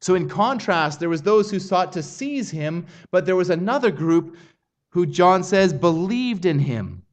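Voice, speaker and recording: A man's voice: sits high, lively intonation, a little slow, muffled recording. A man preaching an expository sermon, earnest and building intensity on quoted passages. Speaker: pastor.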